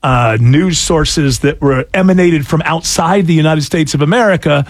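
A man's voice: a little high, normal speed, hardly any pauses, dry recording. A man hosting talk radio, rambling and self-mocking with many fillers. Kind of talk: casual talk radio banter.

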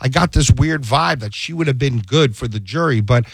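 A man's voice: mid-range voice, normal speed, gravelly, slightly rough, dry recording. A man, a defense attorney, telling stories in a casual chat and acting out the dialogue he quotes. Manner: animated storyteller, acts out quoted dialogue.

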